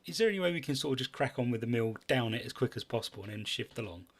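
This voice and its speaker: A man's voice: medium pitch, expressive, very fast. A man playing in a tabletop game, talking casually and with curiosity. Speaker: player.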